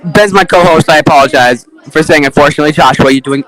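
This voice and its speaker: A young man commentating a live race event, excitable, with calls that build into rapid repetition. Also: fairly high pitch. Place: indoor room with a chanting crowd. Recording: noisy room with cheering crowd.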